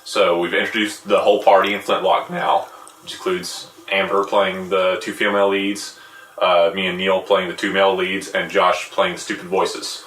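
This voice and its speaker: A man hosting a podcast with a lively, laugh-filled manner. His voice sits low but sounds bright and forceful, and his pitch moves a lot. He is a little off the mic in a roomy space with faint noise. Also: normal speed, recorded from a distance. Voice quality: laughs often, lively delivery. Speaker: podcast host. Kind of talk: casual podcast chat.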